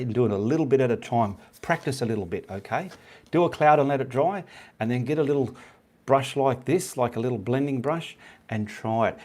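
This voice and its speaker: A man's voice: medium pitch, a little mellow. A middle-aged Australian man hosting a live painting stream, chatting casually with viewers and rambling, often checking in with "okay". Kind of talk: casual live-stream chat reading comments.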